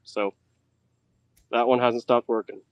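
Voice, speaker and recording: Smooth-voiced easygoing male guest. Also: mid-range voice, flat delivery, slow, dry recording, lo-fi sound. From United States. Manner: easygoing, hesitant, lots of ums and restarts. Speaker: podcast guest, tournament angler. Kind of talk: casual podcast chat.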